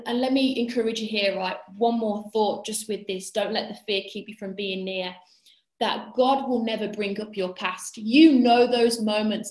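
A woman giving an earnest devotional talk to young people, often checking in with a quick "yeah?". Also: on the high side. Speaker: youth speaker. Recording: echoey room.

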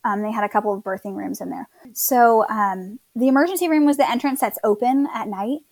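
A chatty young woman tells a long story in a relaxed, rambling way, slipping into other people's voices as she quotes them. Her voice sits a little high, and the sound is dry and close with no room around it. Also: brisk, no echo. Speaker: guest telling her birth story. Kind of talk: casual storytelling.

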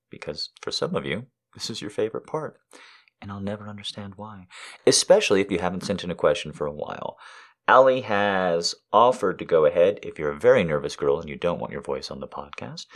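A man hosting a podcast and talking through listener questions in a relaxed, chatty way. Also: deep voice. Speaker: podcast host. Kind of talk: casual podcast chat.

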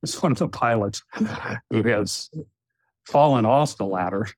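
A man, a retired general, telling a long anecdote with frequent chuckles in a relaxed podcast chat. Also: fairly low pitch, unhurried, no room sound. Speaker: retired general, former wing commander.

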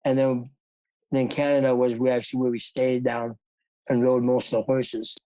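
A man's voice: mid-range voice, level tone, moderate pace, warm tone, clean tone, no room sound, poor audio. A man from South Dakota, a former jockey, telling his story as an interview guest in a rambling way with frequent laughs. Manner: rambling, laughs often, acts out quoted voices.

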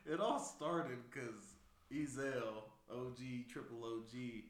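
A man co-hosts a laid-back podcast, cracking jokes and jumping into his friend's story. His pitch is ordinary, and the room has a noticeable echo. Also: slow. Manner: joking, chiming in, chuckling. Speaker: podcast co-host. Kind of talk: casual chat.

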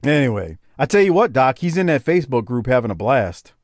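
A man, co-hosting a casual chat, excitable and prone to stammering repeats. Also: fairly quick, no room sound, studio quality. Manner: excitable, repeats himself, slips into a high mocking voice when quoting. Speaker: podcast co-host.

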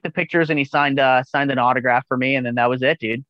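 A man's voice: medium pitch, fairly even intonation, fast, dry recording, highs cut off. A man chatting casually as a podcast guest, rambling with enthusiasm and swearing freely. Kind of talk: casual chat.

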